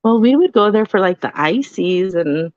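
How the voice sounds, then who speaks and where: A woman co-hosting a live podcast, telling stories in a chatty, animated way full of fillers. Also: medium pitch, a little slow, dry recording, highs cut off. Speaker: podcast co-host. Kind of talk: casual live podcast chat.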